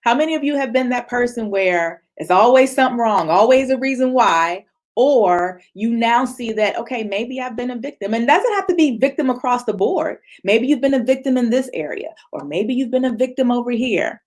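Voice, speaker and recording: A woman giving an animated motivational talk to a virtual retreat audience, acting out other people's voices and laughing often. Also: a little high, moderate pace. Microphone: video call.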